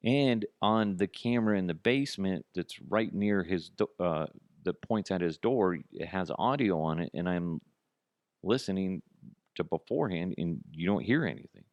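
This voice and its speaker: A middle-aged man with a low, gravelly voice tells stories on his own podcast, swearing freely and breaking into high, disbelieving exclamations. His voice sounds close and dry, with almost no room sound. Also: moderate pace, dry recording. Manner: profane, animated, jumps to high incredulous pitch. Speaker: podcast host. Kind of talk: casual comedic storytelling.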